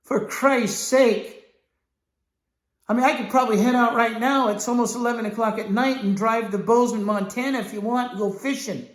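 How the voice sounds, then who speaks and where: A man teaching a sales class, blunt and profane, acting out his pitch dialogue. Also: fairly even intonation, normal speed, roomy sound. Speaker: sales trainer.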